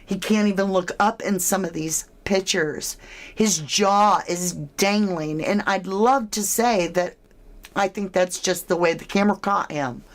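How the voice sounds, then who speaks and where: Slow, low-voiced true crime commentator woman. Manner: animated, speculative, asks the listener questions. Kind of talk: casual speculative commentary.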